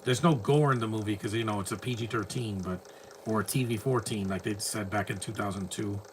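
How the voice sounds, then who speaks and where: A man's voice: fairly low pitch, a little fast, slight background noise. A man giving casual, opinionated film commentary over a movie, rambling and ranting in asides.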